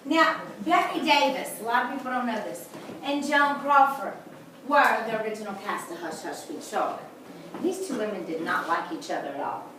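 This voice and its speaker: A woman's voice: mid-range voice, normal speed, noisy background. A woman guiding visitors through a historic house, telling folksy stories with jokes. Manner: chatty, folksy storytelling with jokes. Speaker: tour guide. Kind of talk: guided house tour. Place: indoors in a large historic house. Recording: echoey room from far off.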